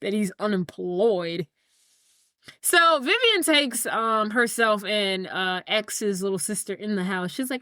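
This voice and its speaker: A woman's voice: mid-range voice, expressive, slow, sharp tone, no echo, studio quality. A woman podcast co-host retelling a movie scene in casual chat, acting out the characters' lines.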